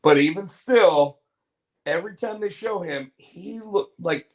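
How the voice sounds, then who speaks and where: A man's voice: high-pitched, a little slow, a little mellow. A man co-hosting a casual chat show, rambling and restarting his sentences. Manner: rambling, repeats words and restarts. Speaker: podcast co-host.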